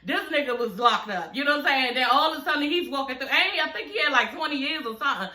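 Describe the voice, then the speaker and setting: A chatty woman recapping a TV episode, her voice bright and a bit high. She swears freely, laughs a lot and keeps talking straight to her viewers. The sound bounces around a roomy, echoey space. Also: animated, fast. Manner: chatty, profane, keeps addressing viewers as y'all and girl; laughs often while talking. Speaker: show recap vlogger. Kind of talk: casual TV episode review.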